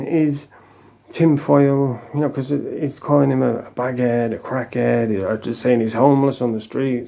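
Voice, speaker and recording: A man's voice: medium pitch, creaky, mellow. A middle-aged man ranting casually to camera as the host of a commentary channel, blunt and scornful, swearing freely and restarting his sentences.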